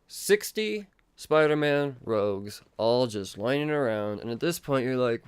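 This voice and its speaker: Man, podcast host, excitable and foul-mouthed; smooth, resonant voice recorded dry and close. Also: mid-range voice, measured pace, no room sound. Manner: profane, excitable, rambling. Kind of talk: casual comic book review.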